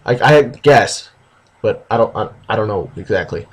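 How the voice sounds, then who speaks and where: A man's voice: on the low side, expressive, slightly rough. A man reading a story aloud for a video, stumbling over words and breaking off for sarcastic comments. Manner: halting reading, sarcastic asides.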